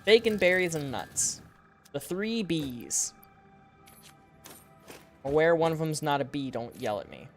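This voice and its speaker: A man's voice: on the high side, big pitch swings, slow pace, creaky, long pauses, soft background music. A man giving casual live-stream gameplay commentary, rambling and laughing at his own puns. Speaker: game streamer.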